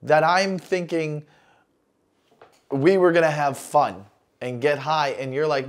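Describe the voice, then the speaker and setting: A man in his forties, a comedian talking casually about how one of his jokes was made, relaxed and conversational. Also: a little high, slow, pauses often. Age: 40s. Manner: relaxed, conversational, with small restarts. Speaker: stand-up comedian. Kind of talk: casual talk explaining a joke.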